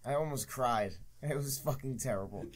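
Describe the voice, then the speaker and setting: A man's voice: medium pitch, normal speed, breathy edge. A young man co-hosting a podcast, ranting in casual, profane chat about a movie he hated. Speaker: podcast co-host.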